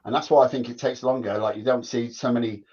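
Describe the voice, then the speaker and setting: Bloke rambling thru old football stories, "like i say" every other line, kinda dull lo-fi audio. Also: male voice, medium pitch, steady tone, fast, a little mellow, husky. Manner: rambling, repeats "like I say". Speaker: former footballer guest. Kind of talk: casual chat, storytelling. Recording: dull lo-fi sound.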